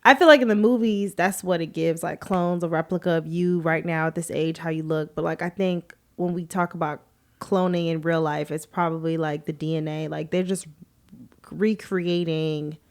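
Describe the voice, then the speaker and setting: This is a young woman with a lowish voice co-hosting a casual podcast. She talks in a relaxed, chatty way. When she tells a story, she slips into quick impressions of the people in it. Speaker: podcast co-host. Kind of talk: casual chat.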